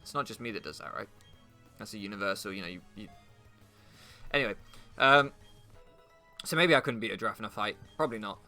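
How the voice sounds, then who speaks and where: A man's voice: fairly low pitch, brisk, long pauses, pushed and bright, faint music behind. A man doing comedic, rambling commentary while he plays, swearing often and laughing at his own jokes. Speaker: gaming YouTuber.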